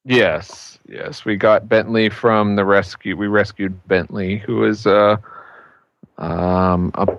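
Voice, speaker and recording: A man's voice: lowish voice, fairly even intonation, slow, fairly bright tone, no room sound, lo-fi sound. A man co-hosting a casual podcast, joking and chuckling. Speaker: podcast co-host.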